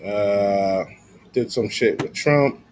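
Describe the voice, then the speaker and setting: A man's voice: on the low side, takes it slowly, darkish tone, a little hiss or hum. A man streaming casual, profane commentary, slangy and loose with lots of filler.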